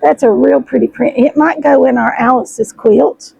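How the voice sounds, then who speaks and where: A middle-aged woman, chatting excitedly to her viewers as she unboxes fabric, her voice hoarse and froggy. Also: high voice, normal speed, low-quality recording. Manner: chatty, gushing, addresses viewers as y'all. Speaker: sewing vlogger host. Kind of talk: casual chat while unboxing fabric.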